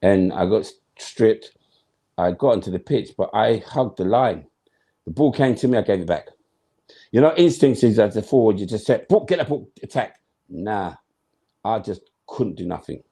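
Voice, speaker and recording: A man's voice: fairly low pitch, lively intonation, moderate pace, dark tone. A man, a former footballer telling stories as an interview guest, emphatic and slangy, acting out his own thoughts. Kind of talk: animated storytelling in conversation.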